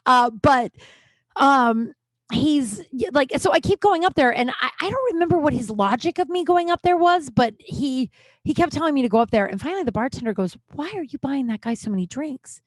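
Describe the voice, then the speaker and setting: A woman's voice: sits high, animated, normal speed, dry recording. Rambling woman telling a comedy story. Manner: rambling, self-deprecating, lots of fillers and asides. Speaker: podcast host, comedian. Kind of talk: casual storytelling monologue.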